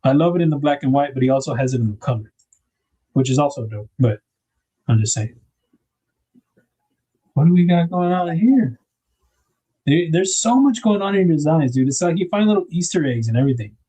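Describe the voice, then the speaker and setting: Husky man chatting on a livestream. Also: on the high side, expressive, brisk, long pauses, dark tone. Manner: chatty, reads viewer comments aloud, laughs often. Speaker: livestream host. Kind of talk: casual livestream chat.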